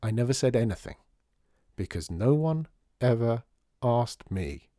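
Brief: narrator plays an unhurried dad, mellow and steady. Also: male voice, mid-range voice, no echo, studio quality. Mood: calm. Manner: calm, deliberate. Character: calm father, slow and patient.

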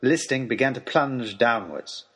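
A man telling a storybook adventure in the first person, reading with expressive, dramatic delivery. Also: mid-range voice, a little slow, husky. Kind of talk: scripted first-person narration.

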